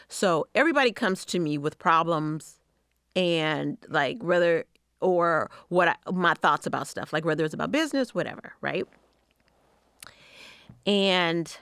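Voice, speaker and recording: Middle-aged woman podcasting, lowish voice, blunt and sweary, super dry close sound. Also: fairly bright tone, no room sound. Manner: frank and profane, with quick asides. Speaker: podcast host. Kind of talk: candid personal storytelling.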